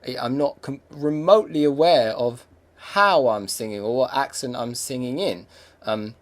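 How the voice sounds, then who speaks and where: A man's voice: medium pitch, moderate pace. Rambling English man musing aloud. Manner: rambling, reflective, many fillers and restarts. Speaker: podcast host. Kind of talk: casual monologue.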